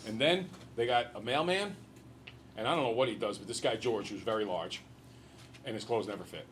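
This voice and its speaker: A male teacher lecturing a class in an animated, joking storyteller way. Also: lowish voice, fairly quick, a little hiss or hum.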